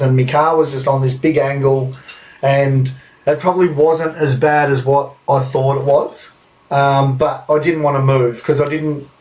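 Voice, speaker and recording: A man's voice: mid-range voice, darkish tone, recorded from a distance. A man in his thirties with an Australian accent, telling a rambling anecdote on a podcast and swearing freely. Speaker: podcast host. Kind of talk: casual storytelling.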